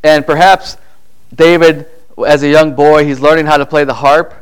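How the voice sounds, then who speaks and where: A man's voice: fairly high pitch, little pitch movement, moderate pace, clear, resonant tone. A middle-aged man preaching a conversational sermon in a church, reading verses and acting out little voices to make his point. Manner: conversational, acts out voices in quotes. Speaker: pastor.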